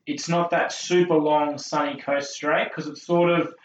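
A man's voice: a little high, level tone, unhurried, slight background noise. A young man co-hosting a racing podcast, rambling through his picks and laughing often. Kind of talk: casual tipping chat. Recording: roomy, distant, dull sound.

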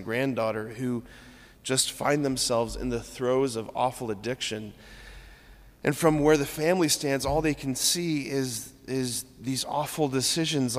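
A man's voice: medium pitch, big-room sound. A man, a Catholic priest, giving a conversational homily at mass, informal and often checking in with "right?". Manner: acts out scripture lines in different tones. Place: church.

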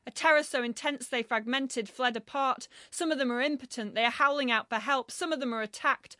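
A woman reading a translated poem aloud in a measured, solemn recitation. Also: on the high side, a bit bright, dry recording, studio quality. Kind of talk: poetry reading.

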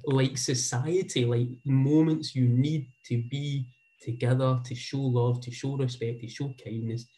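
Earnest Scottish man with a mellow voice. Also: mid-range voice, fairly even intonation, measured pace, low-quality recording. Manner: rambling, repeats words, earnest. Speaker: speaker sharing a personal story. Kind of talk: heartfelt personal storytelling.

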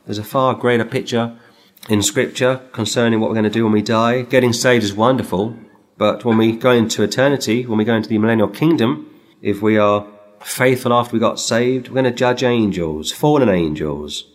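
Speaking a little fast, a middle-aged man delivers a sermon, reading scripture and telling stories emphatically. When he reads the verses, his voice climbs high.

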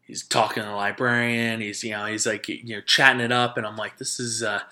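A man's voice: fairly low pitch, flat delivery, brisk, sharp tone. A man in his thirties from New Jersey, hosting a solo podcast and telling a story in a casual, rambling way full of fillers. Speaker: podcast host.

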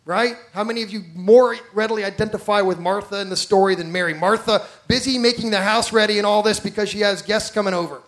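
A male pastor with a high voice delivers a lively sermon. He tells stories with energy, acts out the people he quotes, and turns to the congregation with direct questions. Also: fast talker, hardly any pauses.

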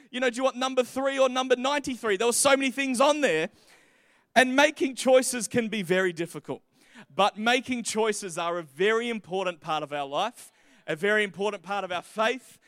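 A man preaching a sermon, moving from casual jokes to slow, emphatic scripture reading. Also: high-pitched, a bit bright, no echo, studio quality.

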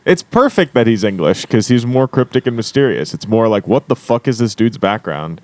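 A man's voice: fairly low pitch, expressive, normal speed, dry recording. A man co-hosting a casual podcast chat, making dry sardonic jokes. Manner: dry sardonic jokes, frequent short agreements. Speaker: podcast co-host.

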